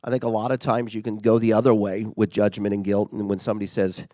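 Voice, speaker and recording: A man's voice: fairly low pitch, little pitch movement, quick pace, dark tone, dry recording. A middle-aged man giving a casual, conversational motivational talk as a workplace leader. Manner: conversational, acts out quoted remarks.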